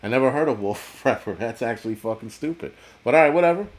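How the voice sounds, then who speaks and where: A man's voice: mid-range voice, lively intonation, quick pace. A man hosting a casual livestream, reading viewer chat and ranting bluntly, with constant swearing and rambling asides. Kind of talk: casual profane livestream rant.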